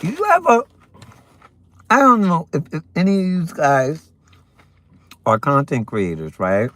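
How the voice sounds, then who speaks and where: A man casually chatting on his morning livestream, animated and talking while he eats breakfast. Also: a little high, unhurried, a little hiss or hum. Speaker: livestream host.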